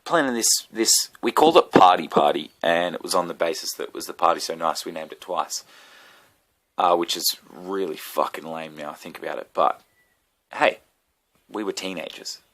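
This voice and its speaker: A deep, low-pitched man rambles to camera in a loose, casual monologue. He swears freely and cracks self-mocking asides as he goes. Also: lively intonation, moderate pace, fairly bright tone. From Australia. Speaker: comedian vlogger.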